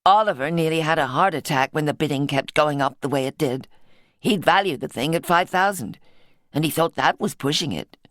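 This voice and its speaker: A wry, easygoing American woman of about fifty who deals in antiques, as read by a woman narrator. The voice sits low and unhurried in a dry, close audiobook recording. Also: no room sound, close to an everyday voice.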